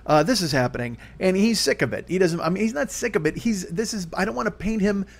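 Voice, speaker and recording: A man's voice: high-pitched, animated, fast, vocal fry. A man in his forties hosting a solo comedy podcast, rambling, swearing freely and poking fun at himself. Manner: rambling, profane, self-deprecating. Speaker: podcast host.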